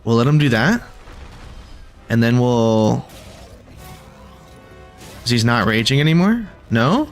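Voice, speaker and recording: A man's voice: mid-range voice, animated, slow pace, long pauses, soft background music. A man casually commenting on his own gameplay as he plays, thinking aloud and reacting with sudden exclamations. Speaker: gaming video creator.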